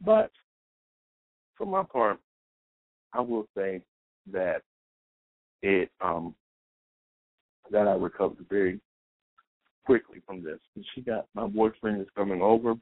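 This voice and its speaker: Deep-voiced man telling a story, phone-line sound. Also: animated, takes it slowly, long pauses, no echo. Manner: rambling anecdotal, quotes both sides of dialogue. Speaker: podcast host. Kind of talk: storytelling monologue. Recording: tinny phone-like dry recording.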